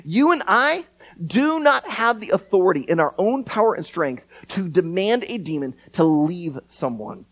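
A man preaching a sermon, animated and earnest, often repeating words as he starts a thought. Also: high-pitched, moderate pace, low-quality recording. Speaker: pastor.

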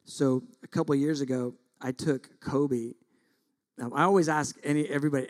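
A middle-aged male pastor preaching, telling a story with lively acted-out quotes. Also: mid-range voice, fairly quick. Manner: animated storytelling, acts out quotes loudly. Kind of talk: sermon.

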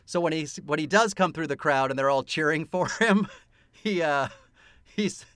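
Guy on a podcast gushing about a movie, bit high, smooth voice, super dry close mic. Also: normal speed, no room sound. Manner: animated, laughing, retelling a film scene by scene. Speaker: podcast co-host. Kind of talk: casual chat.

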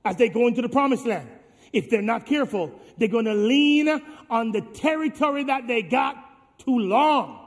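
High-voiced preacher man in a reverberant hall. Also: lively intonation, moderate pace. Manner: call-and-response preaching, swings from hushed to shouting. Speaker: pastor. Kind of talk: sermon.

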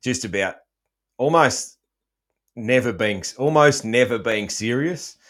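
A man's voice: medium pitch, lively intonation, takes it slowly, fairly bright tone. A middle-aged Australian man hosting a casual chat, joking around and swearing freely, with plenty of ums. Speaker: podcast host.

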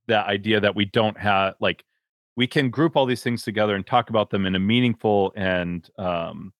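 A man's voice: on the low side, fairly bright tone, no room sound, clean studio sound. A man hosting an interview, talking casually with lots of fillers and restarts. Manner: rambling, many fillers and restarts. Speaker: podcast host.

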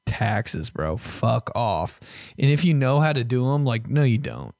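A man's voice: mid-range voice, a little slow, creaky, no echo, studio quality. A young man hosting a podcast, ranting casually with lots of swearing and mock voices. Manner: profane, animated, mock voices. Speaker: podcast host. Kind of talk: casual rant.

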